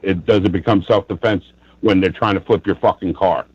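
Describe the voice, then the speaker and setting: A man's voice: low-pitched, fairly even intonation, a little fast, a little mellow, husky, dry recording, lo-fi sound. A man calling into a live show, ranting angrily with lots of swearing and bursts of laughter. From New York, US. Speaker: caller. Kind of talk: casual call-in chat.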